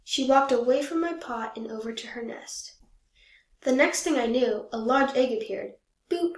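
A woman reads a children's picture book aloud, gentle and measured, her voice sitting a little high. The recording has a roomy echo around it. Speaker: storybook reader. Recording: echoey room.

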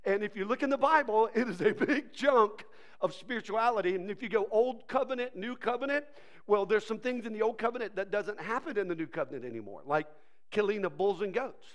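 A man's voice: high voice, lively intonation, a little fast. A man preaching a sermon as pastor, joking and acting out playful voices.

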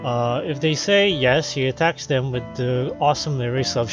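A man's voice: mid-range voice, moderate pace, music in the background. A man casually playing a visual novel, reading its text aloud and chatting loosely with lots of fillers. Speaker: let's player.

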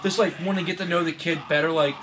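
A man's voice: a little high, steady tone, quick pace, slight background noise. A man, a band's singer, telling rowdy, profane stories in a casual interview. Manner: rowdy, profane, laughing storyteller. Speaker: band vocalist. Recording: loud music playing behind.

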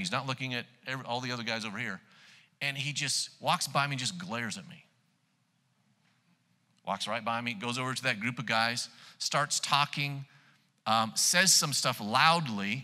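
A man preaching a sermon, telling stories in an animated way that turns loud when he gets excited. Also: mid-range voice. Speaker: pastor. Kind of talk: sermon storytelling. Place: church hall. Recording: long church hall reverb.

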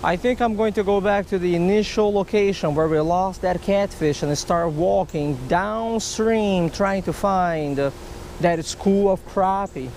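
A fairly high-pitched man talks his way through a fishing session out by a canal. He is chatty and explanatory, often tossing in a "right?" A faint outdoor hum and the odd passing car sit underneath. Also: unhurried, darkish tone. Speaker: fishing vlogger. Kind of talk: outdoor fishing vlog narration. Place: outdoors by a canal and creek on a hot day.

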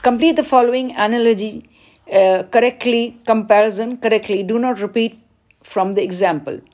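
A woman, teaching as she works through an exam paper, reading each question aloud and then explaining the answer with pauses. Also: on the high side, a little mellow. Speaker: English teacher. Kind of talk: exam paper walkthrough lesson.

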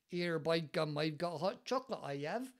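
A man's voice: on the high side, expressive, moderate pace. A man putting on a cheerful, simple rural farmhand with a broad West Country accent and jolly, sing-song yokel talk. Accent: West Country English.

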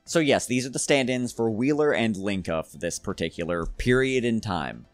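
A man's voice: fairly low pitch, expressive, normal speed, no room sound, soft background music. A man from the American South giving casual, sarcastic commentary on a cartoon, rambling and laughing at his own jokes. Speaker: cartoon reviewer.

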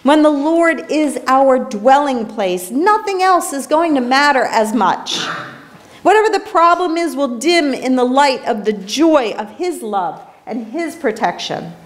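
A woman pastor giving an earnest, reflective sermon in a small church, telling a story along the way. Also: sits high.

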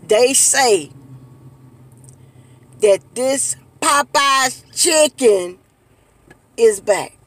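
A woman's voice: fairly high pitch, animated, extremely slow, long pauses, fairly bright tone. A woman hosting a casual mukbang vlog, dramatic and repetitive, talking straight to her viewers. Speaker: mukbang host. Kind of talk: casual eating-show vlog chat.

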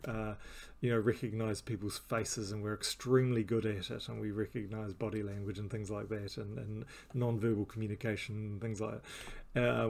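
A man's voice: on the low side, vocal fry, a little mellow. A man giving rambling, self-mocking commentary over his gameplay, with many restarts and fillers. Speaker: game channel host.

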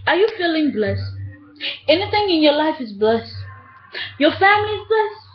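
Giggly high-voiced woman on webcam. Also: sing-song, normal speed. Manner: giggly, playful, breaks into sing-song. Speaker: vlogger. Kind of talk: casual webcam vlog. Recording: dull lo-fi webcam audio.

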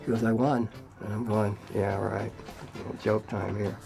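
A man telling a story in an interview, relaxed and rambling, laughing at his own tale. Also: fairly low pitch, normal speed, creaky, over music, poor audio.

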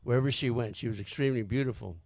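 A man's voice: mid-range voice, racing, a little mellow, dry recording. A man, a singer-songwriter, telling a story between songs in a rambling, hesitant way with many fillers.

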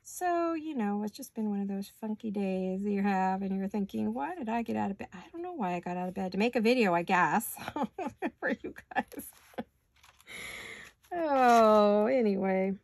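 Woman, gravelly voice, hiccuping, casual crafting chatter, muttering to herself, home studio. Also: medium pitch, lively intonation, measured pace, dry recording. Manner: chatty, talks to herself while working. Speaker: crafting channel host.

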